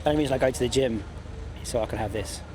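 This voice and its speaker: Racing driver for a vlog, chatty and self-mocking, mid voice, handheld camera, loud paddock noise behind. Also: male voice, mid-range voice, very fast. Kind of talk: casual vlog chat. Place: outdoor race paddock.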